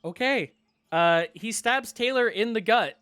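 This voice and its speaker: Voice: medium pitch, lively intonation, a little slow, a bit bright, clean tone, dry recording, soft background music. A game master narrating a tabletop game and explaining rules in a casual, patient way.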